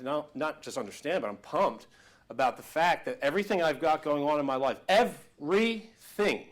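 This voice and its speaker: A man giving a live motivational workshop talk, telling stories in an animated, emphatic, conversational way. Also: medium pitch. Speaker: motivational speaker.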